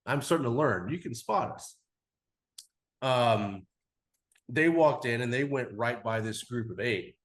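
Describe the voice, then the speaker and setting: A man in his forties, guesting on a podcast in a cigar podcast studio, tells a travel story in a mid-range voice. He speaks a little slowly with long pauses, rambling loosely and filling his talk with "like" and casual swearing.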